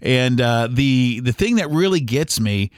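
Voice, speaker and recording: A man's voice: mid-range voice, animated, measured pace, no room sound. Middle-aged US man, podcast host, loose anecdotal delivery, dry booth sound. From United States. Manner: rambling, acts out remembered dialogue. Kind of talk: casual storytelling podcast.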